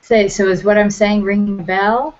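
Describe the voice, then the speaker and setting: A woman's voice: medium pitch, steady tone, moderate pace, highs cut off, a crowd in the background. A woman taking part in an online class, answering with hesitant, filler-heavy sentences. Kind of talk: class participation. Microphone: video call.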